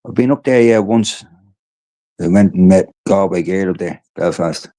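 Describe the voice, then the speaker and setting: Tired, rambling Irish man, low-voiced. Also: moderate pace, warm tone. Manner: rambling and profane. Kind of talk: casual chat.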